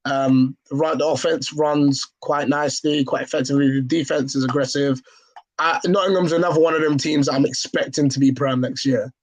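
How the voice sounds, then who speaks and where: A man co-hosting a casual sports podcast, giving measured opinions with frequent hesitant restarts. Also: on the high side, fairly even intonation, no echo, poor audio. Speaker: podcast co-host.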